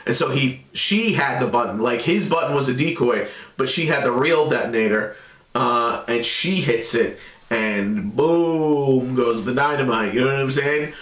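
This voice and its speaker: A man's voice: mid-range voice, a little slow, a bit bright. Rambling man recapping an episode, echoey. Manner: rambling, loose retelling. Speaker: show reviewer.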